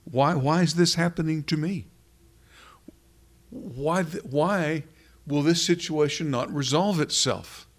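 An earnest male preacher delivers a sermon in a fairly high-pitched voice at a slow pace. He relies on repeated rhetorical questions, hammering each point home with emphasis.

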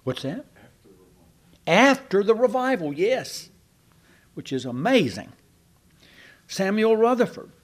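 A man's voice: high voice, sing-song, slow pace, long pauses. An older man preaching a sermon, telling church history as stories with asides and restarts.

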